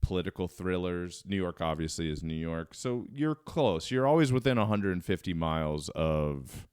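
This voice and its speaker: Deep-voiced man telling a rambling story. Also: expressive, moderate pace, darkish tone, clean tone, dry recording, clean studio sound. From Baltimore, Maryland. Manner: rambling, self-deprecating, many fillers. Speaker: podcast guest. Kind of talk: casual storytelling.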